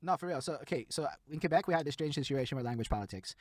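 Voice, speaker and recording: Rapid-fire excitable male host. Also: fairly high pitch, no echo. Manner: fast, excitable, heavy swearing. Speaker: podcast host. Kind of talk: casual interview chat.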